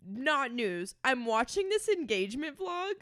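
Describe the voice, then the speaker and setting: A woman in her twenties co-hosting a casual podcast, telling stories in a chatty, animated way and swearing freely. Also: high-pitched, unhurried, no room sound, studio quality. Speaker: podcast co-host. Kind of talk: casual chat.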